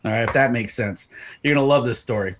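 A man telling a story in casual chat, profane and animated, acting out the people in it. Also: mid-range voice, fast talker, slight background noise. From Arizona. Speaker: podcast co-host.

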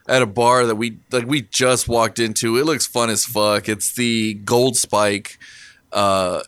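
Bright-voiced profane male co-host. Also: medium pitch, slight background noise. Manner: profane, laughing, relaxed retelling. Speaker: podcast co-host. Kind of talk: casual chat.

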